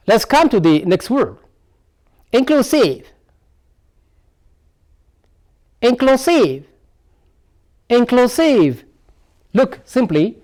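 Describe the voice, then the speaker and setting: A man's voice: sits high, a little mellow. A male English teacher with an Ethiopian accent giving a broadcast lesson, repeating words and answering his own questions. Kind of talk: televised classroom lesson.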